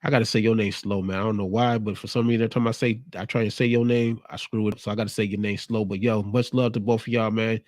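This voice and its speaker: A man's voice: on the low side, level tone, fast, few pauses, a little mellow, dry recording, studio quality. A man hosting his own show, delivering a casual, streetwise motivational monologue with a preachy edge. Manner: laid-back, streetwise, preachy. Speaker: show host.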